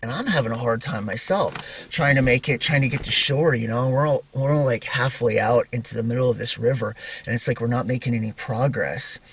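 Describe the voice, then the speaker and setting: A man's voice: mid-range voice, fairly quick. A man with an ordinary mid-range voice tells a personal story, stopping and restarting often with fillers. He talks casually and chuckles along the way. A faint hiss sits under the recording. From Idaho. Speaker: Christian video maker.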